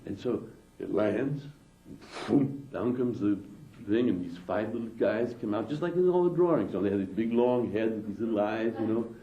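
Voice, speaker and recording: A man's voice: on the low side, lively intonation, normal speed, warm tone. A man doing stand-up, telling a long story loosely with lots of asides. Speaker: comedian. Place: small theatre stage. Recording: dull, echoey small theatre.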